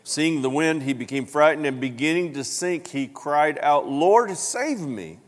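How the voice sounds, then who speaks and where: Animated preacher in a reverberant hall. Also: male voice, normal speed. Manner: animated storytelling, acting out voices with big pitch jumps. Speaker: pastor. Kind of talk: sermon.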